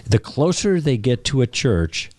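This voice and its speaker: Podcast guest, male, mid-pitched, anecdotal, does quick impressions, dry studio sound. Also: very animated, a little mellow, dry recording. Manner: storytelling, slips into mimicking voices for jokes. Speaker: podcast guest, Christian apologist. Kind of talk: casual podcast conversation. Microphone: studio microphone.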